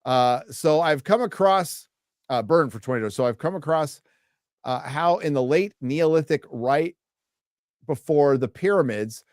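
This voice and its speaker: A man's voice: on the high side, animated, unhurried, darkish tone, no echo, studio quality. A man hosting a live stream, reading viewer donation messages aloud in a casual, profane way. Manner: reads donation messages aloud, swears freely.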